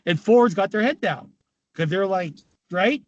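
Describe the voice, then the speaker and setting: Brash storytelling man, slightly high voice. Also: expressive, normal speed, muffled recording. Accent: Canadian. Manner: swearing, laughing, acts out quotes. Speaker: podcast guest, former pro hockey player. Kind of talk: casual storytelling.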